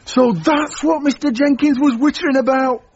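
A melodramatic young office worker. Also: male voice, very high voice, fairly even intonation, moderate pace, dull audio, a little hiss or hum. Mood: gossipy. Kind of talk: radio comedy acting.

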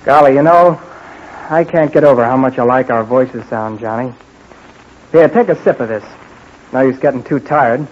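A man's voice: medium pitch, moderate pace, pauses often, close to an everyday voice. A man playing a breezy young American adventurer. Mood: concerned. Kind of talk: 1940s radio acting. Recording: dull old radio recording with faint hiss.

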